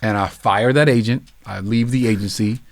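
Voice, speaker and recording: A middle-aged man from New York, a comedian telling a long anecdote with lively acted-out voices and casual swearing. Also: fairly low pitch, normal speed. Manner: acts out voices in his anecdotes, swears freely. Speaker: comedian guest. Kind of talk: animated storytelling.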